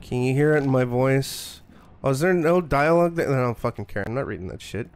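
A man's voice: mid-range voice, lively intonation, brisk, slight background noise. A young man streaming a horror game, joking, sarcastic and profane. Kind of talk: profane let's play commentary.

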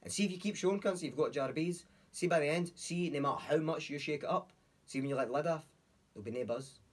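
Husky fast-talking Scottish man. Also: on the high side. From Scotland. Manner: sweary, animated storyteller spinning a long analogy. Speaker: podcast guest, comedian and actor. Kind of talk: casual podcast chat.

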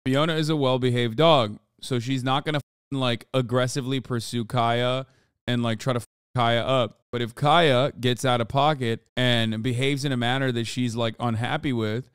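Profane, ranting man streamer, clear voice. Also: medium pitch, normal speed, no echo, studio quality. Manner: profane, animated, ranting at chat. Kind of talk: casual live-stream commentary. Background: dogs barking.

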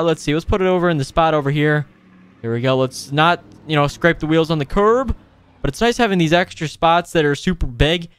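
An excitable man talks his viewers through a video game in casual, off-the-cuff commentary. His voice sits a touch high and sounds smooth and clear. He exclaims often and chats to the audience like friends. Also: dry recording, clean studio sound. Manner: excitable, frequent exclamations, addresses viewers as boys. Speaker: gaming video host.

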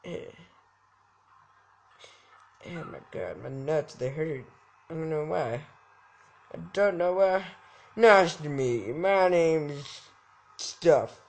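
A man's voice: a little high, expressive, very slow, long pauses. A young man giving goofy, jokey let's-play commentary, talking back to the game's characters. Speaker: gaming YouTuber.

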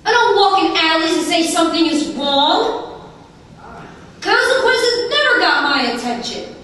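Woman speaker, very high voice, emphatic testimony with rhythmic lists, distant mic in a large reverberant hall. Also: animated, unhurried, fairly bright tone. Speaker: recovery meeting speaker. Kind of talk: personal testimony talk. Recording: very echoey hall, voice from far off.

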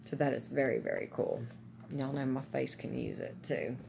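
A woman's voice: very deep voice, normal speed, creaky, mellow, a little hiss or hum. A woman chatting casually and gushing to her viewers about gifts she is unboxing. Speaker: vlogger.

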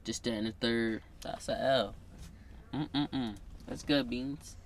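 A man's voice: medium pitch, steady tone, slow, slight background noise. A young man, teasing his girlfriend in a casual vlog chat. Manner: playful teasing, loud bursts. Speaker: vlogger.

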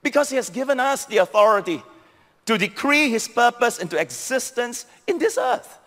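Man, Singaporean English accent, pastor's sermon, lively swooping pitch, emphatic repetition. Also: moderate pace, long reverb tail. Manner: emphatic preaching, repeating key phrases, sweeping pitch swings.

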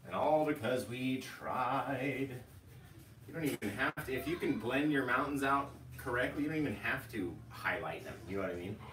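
A man's voice: mid-range voice, expressive, moderate pace. Chatty male painting instructor, roomy echo. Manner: rambling, chatty, storytelling asides. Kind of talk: casual live tutorial chat. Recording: echoey room, distant mic, faint noise.

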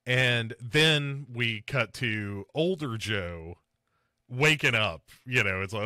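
Male podcast host, casual and animated, bright forceful voice, dry close mic. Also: slow pace, no room sound. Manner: animated, swings pitch up to mock and mimic film characters. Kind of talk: casual chat reviewing a film.

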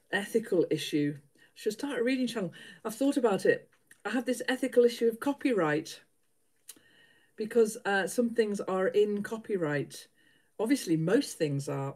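Middle-aged lady chatting to her livestream viewers while sewing, chatty and giggly. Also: mid-range voice. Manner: chatty, warm-hearted, laughs often. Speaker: livestream host. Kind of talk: casual chat with live viewers while sewing.

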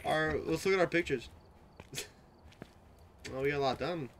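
A man's voice: fairly high pitch, moderate pace, over a noisy crowd. A man streaming a video game from his home setup, chatting casually, laughing often and swearing freely. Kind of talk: casual gaming chat.

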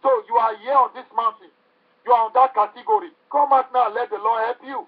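A man's voice: very high voice, fairly even intonation, a little fast. A man preaching a sermon with fervent, repetitive exhortation. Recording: tinny phone-like recording.

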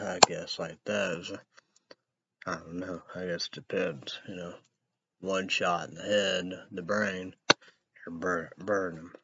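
A man's voice: sits low, a bit bright, a little hiss or hum. A young man hosting a casual show, reading news headlines aloud and rambling about them, spelling names letter by letter. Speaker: show host. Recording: dull lo-fi recording.

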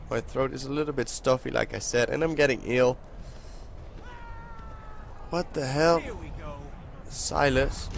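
A young man hosting a casual let's-play, excitable and chatty with his viewers, with a hoarse voice that keeps cracking. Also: medium pitch, slight background noise. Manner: excitable, talks to viewers while playing. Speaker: gaming channel host.

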